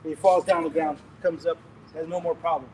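A man preaching, telling a testimony in an animated, rambling way with laughs and restarts. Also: on the high side, a little fast, a little hiss or hum, rough recording. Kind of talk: sermon testimony storytelling.

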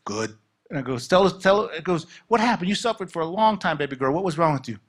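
A man preaching and telling a testimony story, acting out the dialogue with lively energy. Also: fairly high pitch, quick pace. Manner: animated, acts out dialogue.

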